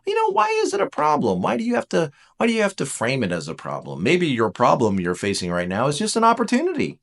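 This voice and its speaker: A man teaching in a casual lecture style, animated and jokey, acting out little voices as he goes. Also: a little high, fast, gravelly.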